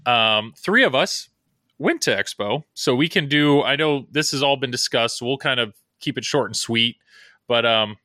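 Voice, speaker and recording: Man, podcast host, casual rambling chat, bright voice, dry close sound. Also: medium pitch, animated, moderate pace, no room sound. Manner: rambling, joking, self-deprecating.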